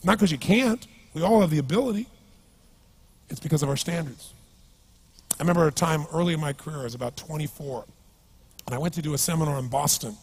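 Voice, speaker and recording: A man giving a motivational seminar talk to a live audience, energetic and emphatic, telling stories and asking the crowd rhetorical questions. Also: fairly high pitch, fast talker, pauses often, husky. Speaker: motivational speaker.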